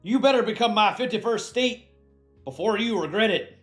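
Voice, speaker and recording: A man's voice: high-pitched, lively intonation, normal speed, fairly bright tone, faint music behind, pitched above the performer's own voice. A man voicing a brash, pushy American countryball character in a boastful, threatening way. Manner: bragging, threatening.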